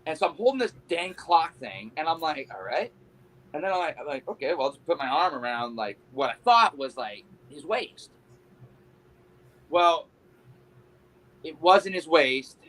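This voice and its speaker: A man's voice: a little high, very animated, moderate pace, long pauses, fairly bright tone, rough recording. A male pro wrestler, a guest on a podcast, telling a story casually in a rambling, sheepish, self-mocking way, full of fillers.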